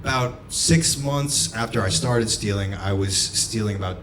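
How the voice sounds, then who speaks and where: A man performing a stand-up comedy set, telling a story and breaking into sudden shouts. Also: fairly low pitch, moderate pace, a little hiss or hum. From United States. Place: comedy club stage. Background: audience laughter.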